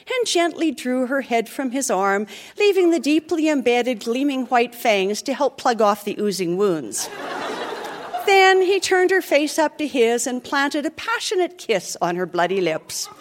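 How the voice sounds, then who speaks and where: A woman reading a dark comic story aloud in an animated, playful way. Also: sits high, unhurried, slight background noise.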